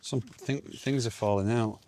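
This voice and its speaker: A man's voice: mid-range voice, moderate pace, dark tone, a little hiss or hum. A man co-hosting a casual chat, joking around and laughing at his own lines. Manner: jokey, reads jokes aloud with chuckles. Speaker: co-host.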